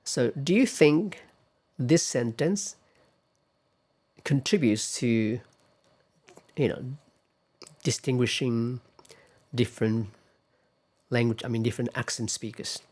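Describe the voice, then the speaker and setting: Guy teaching a pronunciation class, talks real slow, patient, keeps asking the students stuff. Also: mid-range voice, a little mellow. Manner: patient, explains step by step, asks the class questions. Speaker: lecturer.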